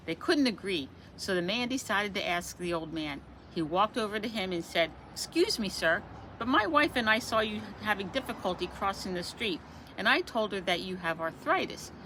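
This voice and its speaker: A woman with a bright, forceful voice tells funny stories and leaps up in pitch for each character. Faint traffic noise is heard behind her. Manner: expressive, acts out the quoted voices with big pitch jumps. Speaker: joke teller. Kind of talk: storytelling jokes.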